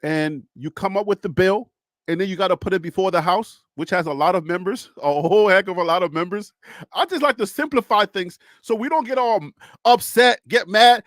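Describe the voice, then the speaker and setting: A man's voice: high-pitched, a little fast, a bit bright, dry recording, studio quality. A man hosting casual political talk, chatty, often laughing and repeating phrases as he thinks aloud. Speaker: political commentary host.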